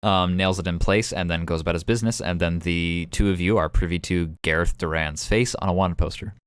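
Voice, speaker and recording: Fast-talking low-voiced game master. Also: male voice, fairly even intonation, clean tone, no echo. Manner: rapid, rambling with fillers. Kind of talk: narrating a tabletop game on stream.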